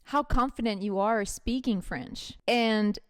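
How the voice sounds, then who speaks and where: A woman hosts a casual podcast interview, upbeat and full of encouragement for her guest. Her voice is smooth and clear. It sits slightly higher than usual for a woman. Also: measured pace. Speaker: podcast host.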